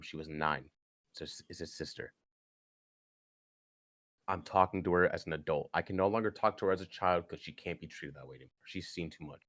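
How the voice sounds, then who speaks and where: A young man on a podcast, telling a personal story earnestly, haltingly, with frequent restarts. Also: deep voice, a bit bright, dry recording. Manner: earnest, halting, with many restarts and "you know". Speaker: podcast guest.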